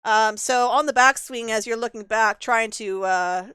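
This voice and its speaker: Crisp-voiced woman game master. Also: a little high, unhurried, no echo, clean studio sound. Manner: relaxed, filler-heavy storytelling. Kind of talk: narrating a tabletop game.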